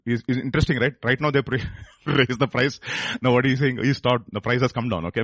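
A man preaching a sermon. He swings between loud emphatic bursts and hushed intensity, repeating phrases and putting questions to the audience. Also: mid-range voice, moderate pace, long pauses, no room sound.

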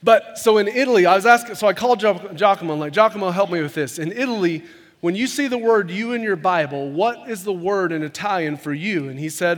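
A man preaching a sermon to his congregation in an earnest, conversational way, often repeating words as he rushes ahead. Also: high-pitched. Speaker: pastor. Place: church sanctuary. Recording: long hall reverb.

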